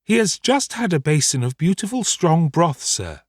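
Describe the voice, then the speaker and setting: A man voicing a brisk, proper elderly housekeeper woman who speaks slowly and firmly. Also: high-pitched, wildly swooping pitch, darkish tone, slightly rough, no echo, clean studio sound, pitched above the performer's own voice, exaggerated voice. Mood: prim.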